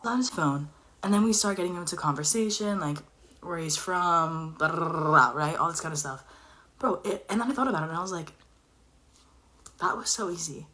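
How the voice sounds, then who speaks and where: A young woman telling a personal story in casual chat, animated and dropping into whispers for emphasis. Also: fairly low pitch, brisk.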